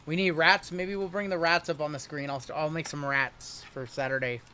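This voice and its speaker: A high, bright-voiced man runs a livestream card break, calling out every pull as it comes. He keeps the patter jokey and upbeat between cards. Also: fairly even intonation, fairly quick, a little hiss or hum. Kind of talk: livestream card-opening commentary.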